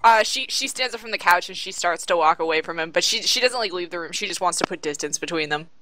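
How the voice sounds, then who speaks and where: A woman's voice: lowish voice, expressive, quick pace, background noise. A woman describing her character's actions as a player in a tabletop role-playing game, casual with hesitations.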